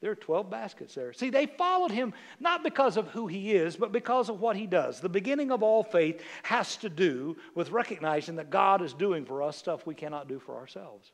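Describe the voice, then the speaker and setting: A man preaching a sermon as a bishop, reading scripture quietly and then building to emphatic, repeated appeals to the congregation. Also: high-pitched, sing-song, normal speed, hardly any pauses.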